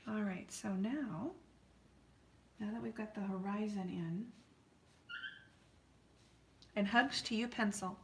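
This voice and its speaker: A woman's voice: mid-range voice, a little slow, echoey room, slight background noise. An American woman hosting a live painting stream from her art studio, chatting and rambling in a friendly way to viewers as she paints. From United States.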